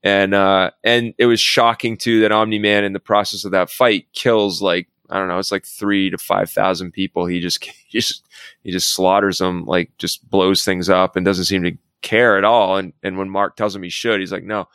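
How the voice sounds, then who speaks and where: A man's voice: low-pitched, level tone, moderate pace, a bit bright, clean tone, no room sound, clean studio sound. A man in casual podcast chat who acts out quoted lines as he retells scenes. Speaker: podcast co-host.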